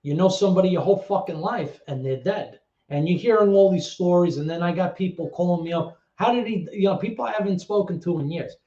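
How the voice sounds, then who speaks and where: A middle-aged man tells a candid story as an interview guest, blunt and swearing, with halting repetitions. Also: high-pitched, warm tone. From New York. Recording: roomy, dull lo-fi sound.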